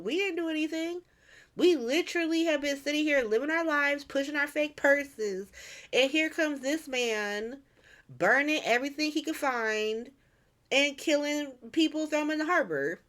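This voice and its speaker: A woman's voice: mid-range voice, big pitch swings, normal speed. A woman doing an aggrieved, ranting enforcer man.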